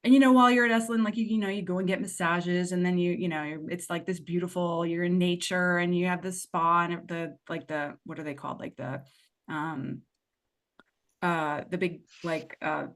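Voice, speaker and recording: A woman with a lowish voice, talking as a podcast guest about her own experiences. She tells it candidly and expressively, drifting into asides and acting out what she said to herself. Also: moderate pace. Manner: expressive, digressive storyteller who acts out her past self. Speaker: podcast guest, money mindset and tapping coach. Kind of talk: candid conversational storytelling.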